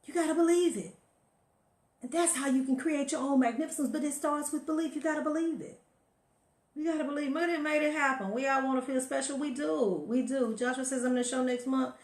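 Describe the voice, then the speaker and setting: A woman's voice: sits high, fairly even intonation, fairly quick, echoey room. A woman giving an emphatic motivational talk to her viewers, preaching and telling stories, calling listeners honey. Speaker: motivational live-stream host.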